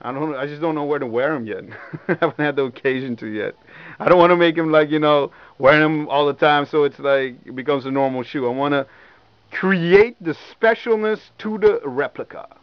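A young man reviewing sneakers in a casual, excited vlog, swearing often and repeating himself, recorded at home. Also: mid-range voice, fast, clean tone, dry recording, highs cut off. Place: indoors at home.

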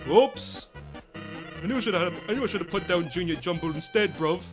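A man's voice: high-pitched, animated, a little fast, music in the background. A man voicing a lazy, teasing male skeleton with a laid-back drawl, tacking slang onto every line. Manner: laid-back, teasing, says bruv a lot.

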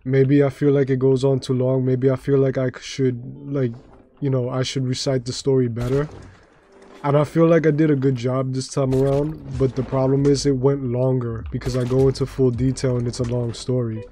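A man with a slightly raspy voice, chatting casually with his viewers while streaming a game, rambling with lots of fillers and restarts. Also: medium pitch, flat delivery, normal speed, mellow. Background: faint background music.

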